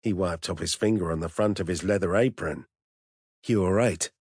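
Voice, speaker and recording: Low raspy guy reading a fantasy audiobook, steady pace, dry no-room sound. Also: fairly quick, no room sound. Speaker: audiobook narrator. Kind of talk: scripted narration.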